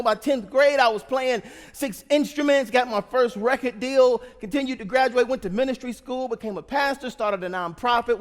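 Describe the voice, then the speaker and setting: Brief: thirties male pastor, high voice, chatty storytelling sermon, long church-hall reverb. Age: 30s. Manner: humorous, conversational, engages the congregation. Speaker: guest pastor. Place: church sanctuary.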